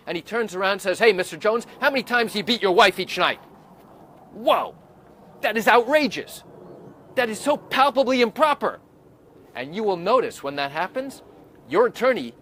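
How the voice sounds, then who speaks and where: A man's voice: a little high, a bit bright. A man who is a lawyer, explaining courtroom tactics on a live video with emphatic delivery and rhetorical questions. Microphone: camera or webcam mic.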